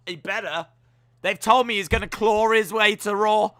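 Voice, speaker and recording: A man giving jokey live reactions while watching a wrestling show, now and then letting out sudden loud yells. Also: high voice, takes it slowly, gravelly, long pauses. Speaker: wrestling watch-along streamer.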